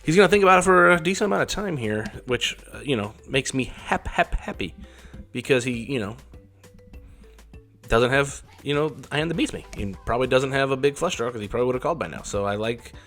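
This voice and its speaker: A man's voice: medium pitch, animated, brisk, a bit bright, faint music behind. A man casually talking through his poker hands as a vlogger, in a rambling, wry and self-deprecating way. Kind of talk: casual poker hand commentary.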